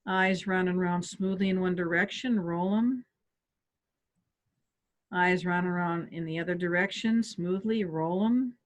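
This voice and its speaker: A woman calmly guiding listeners step by step through a stress relief tapping exercise on a video call. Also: lowish voice, unhurried. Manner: calm step-by-step coaching. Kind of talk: guided tapping exercise instruction. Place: home office on a webinar.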